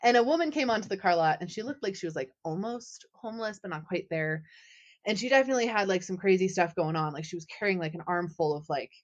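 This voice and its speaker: Woman guest on a podcast, kinda low voice, says "like" a lot, dull lo-fi sound. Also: fast talker. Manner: animated, heavy use of "like". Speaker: guest author. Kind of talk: casual podcast storytelling.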